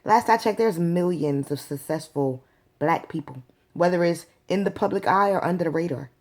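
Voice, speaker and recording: A woman with a lowish, darkish voice speaks at normal speed, hosting her own video show. She talks straight to viewers in a casual vlog rant that's blunt and exasperated.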